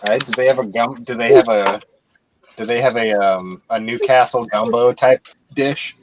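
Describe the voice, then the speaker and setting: A man's voice: mid-range voice, fairly even intonation, moderate pace, low-quality recording. A man from the United States chatting casually, rambling with many fillers. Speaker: stream participant. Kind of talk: casual chat. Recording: loud crowd noise behind.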